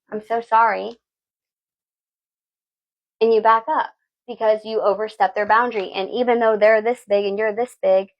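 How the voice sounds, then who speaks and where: A woman's voice: mid-range voice, vocal fry, dull audio. A woman giving a tarot reading, blunt and preachy, swearing freely and asking "okay?" again and again. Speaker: tarot reader. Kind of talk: live tarot reading talk.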